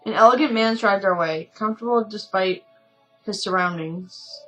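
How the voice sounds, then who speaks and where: Tired woman, chatty game reader, often corrects herself, mid-pitch, faint music behind. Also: moderate pace, fairly bright tone, poor audio. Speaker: game streamer. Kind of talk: reading a story game aloud with asides.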